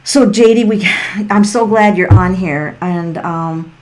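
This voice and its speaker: With a fairly low, darkish voice and an unhurried pace, a middle-aged woman gives tarot readings on a livestream from her farm home. She talks into a built-in laptop mic, rambling and laughing a lot in casual chat.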